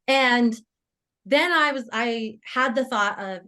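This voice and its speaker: A woman guest on an interview podcast, telling a personal story in a casual, animated way. She laughs often and acts out her own thoughts as quoted lines. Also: on the high side, drawn-out words, pauses often. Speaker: guest entrepreneur.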